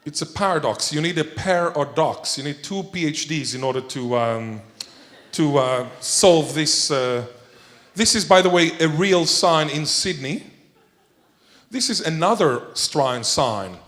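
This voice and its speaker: A man's voice: on the high side, lively intonation, a little slow, fairly bright tone. A man giving a conference keynote, playful and jokey, quizzing the audience as he goes. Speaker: keynote speaker.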